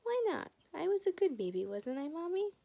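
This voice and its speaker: A woman's voice: very high-pitched, big pitch swings, normal speed, vocal fry, warm tone, voice pushed up, exaggerated voice. A woman voicing a cheeky, show-off little boy in a bouncy, sing-song way. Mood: insistent.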